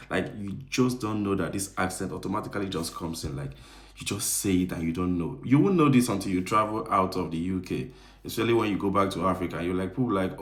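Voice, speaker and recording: Deep-voiced man chatting to camera. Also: fast. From Nigeria. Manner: animated, chatty, asks viewers directly. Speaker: vlogger. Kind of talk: casual talk to camera. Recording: roomy echo.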